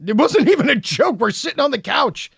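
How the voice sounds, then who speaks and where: A man's voice: very high voice, very animated, fairly quick, creaky, a bit bright, husky, no room sound, clean studio sound. A man co-hosting a podcast, telling a story in casual chat and acting out the quoted lines with animation. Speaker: podcast co-host.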